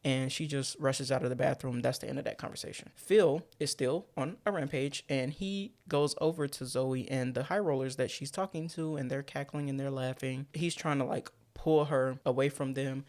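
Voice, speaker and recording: A man casually breaking down a movie plot in an animated, slangy way. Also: medium pitch, normal speed, few pauses. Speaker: movie recap creator.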